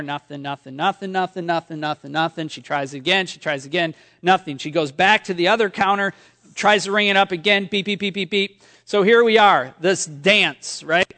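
A man preaching a sermon as a pastor, telling everyday stories in a relaxed, conversational way with touches of humor. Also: high voice, big-room sound.

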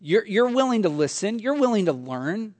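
A man with a fairly high voice preaches in a church sanctuary, and his words hang in a long hall reverb. He talks to the congregation conversationally, slipping into funny everyday stories between points. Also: sing-song, normal speed, darkish tone. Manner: conversational storytelling with humor. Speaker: pastor. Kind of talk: sermon.

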